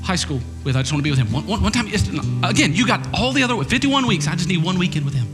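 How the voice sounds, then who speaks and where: A man doing a giddy high-voiced bride-to-be. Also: sing-song, rapid-fire, over music. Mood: wheedling. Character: excited young bride-to-be bargaining.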